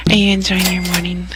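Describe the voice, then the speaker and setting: A woman bantering playfully in a casual voice chat. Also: lowish voice.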